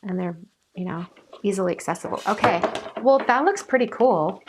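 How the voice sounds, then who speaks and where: A woman's voice: mid-range voice, animated, moderate pace. Brief: woman host, live crafting demo, upbeat running narration, hiccups, noisy recording with clicks. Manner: chatty, upbeat, narrates her hands. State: has the hiccups.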